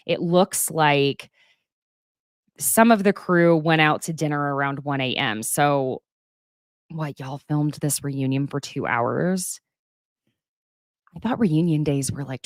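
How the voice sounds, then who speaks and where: A young woman chats on her live stream in a low voice, rambling and laughing as she goes. The sound is close and dry, with no room around her. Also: dry recording. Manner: chatty, rambling, laughs often. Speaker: host of a live gossip stream. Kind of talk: casual live-stream chat.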